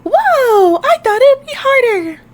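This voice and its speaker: A woman's voice: very high voice, very animated, measured pace, voice pushed up, full character voice. A woman voicing a timid young female barista who talks nervously and stammers. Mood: amazed.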